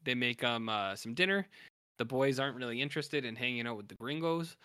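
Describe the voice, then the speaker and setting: Man, podcast co-host, casual plot recap, bright tense voice, dry close sound. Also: medium pitch, animated, clear, resonant tone, no room sound. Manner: retells the plot with quick imitated voices of characters. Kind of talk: casual film recap chat.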